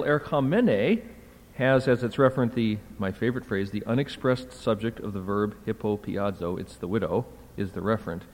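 A man's voice: fairly low pitch, darkish tone. Lecturing man in an echoey hall. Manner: conversational, keeps asking "right?". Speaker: teacher. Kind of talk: classroom lecture on Greek text. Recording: hall reverb.

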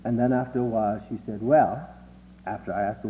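An older man recalling childhood memories in a halting way, with many filler sounds, lifting his voice when he quotes people. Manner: halting, with frequent 'uh' fillers; acts out quoted voices with rising pitch. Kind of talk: oral history reminiscence. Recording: tinny lo-fi recording with faint hum.

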